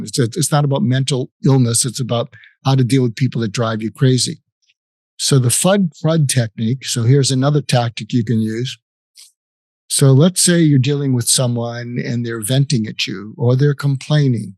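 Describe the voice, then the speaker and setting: A man's voice: medium pitch, darkish tone, no room sound. An older man, a psychiatrist guest in an interview, explaining techniques earnestly and acting out example conversations. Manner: earnest, acts out example dialogues, many restarts.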